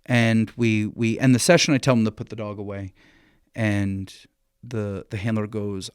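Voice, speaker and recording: A man telling stories as a guest on a casual podcast about dog training, animated and blunt, swearing freely and restarting his sentences. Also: fairly low pitch, normal speed, clean tone, no room sound, clean studio sound.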